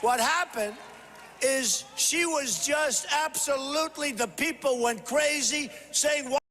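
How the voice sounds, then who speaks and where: Boastful man shouting in a big hall. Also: very high voice, slow, a little hiss or hum. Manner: boastful, repetitive, punchy and emphatic, often shouting. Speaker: political candidate at a rally. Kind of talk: rally speech. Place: large convention hall. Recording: echoey hall with faint crowd.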